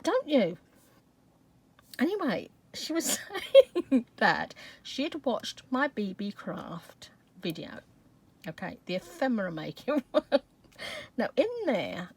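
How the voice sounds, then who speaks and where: A woman hosting a craft channel, telling viewers a story in a chatty way and laughing often. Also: medium pitch.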